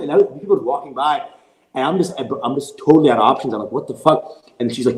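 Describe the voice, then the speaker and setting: A man's voice: fairly high pitch, quick pace, roomy sound, low-quality recording. A man, a comedian, casually telling a rambling, profane story in a podcast conversation. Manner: rambling, profane, animated retelling. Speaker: guest comedian.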